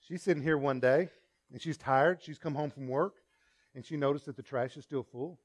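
A male pastor preaching a sermon in a conversational, storytelling way, with asides to the congregation and swings between loud emphasis and quiet remarks. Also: on the high side, steady tone, moderate pace.

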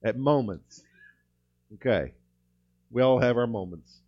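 A man preaching a sermon as pastor, slowing and lifting his voice on key words, with frequent restarts. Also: medium pitch, lively intonation, dull audio. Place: church sanctuary.

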